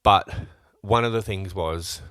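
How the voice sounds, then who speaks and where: A man in his thirties co-hosting a podcast, chatting casually in a rambling, animated way with plenty of fillers and restarts. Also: low-pitched, a little slow, no room sound, clean studio sound. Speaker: podcast co-host. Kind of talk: casual chat.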